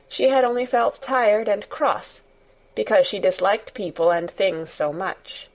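A woman reading a storybook aloud as narrator, in a measured, even storytelling manner. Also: mid-range voice, low-quality recording. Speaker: audiobook narrator.

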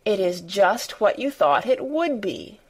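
A woman's voice: medium pitch, expressive, a little slow, breathy edge. Weak, hysterical invalid boy, pleading and breathless, storybook part, played by a female narrator. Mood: excited.

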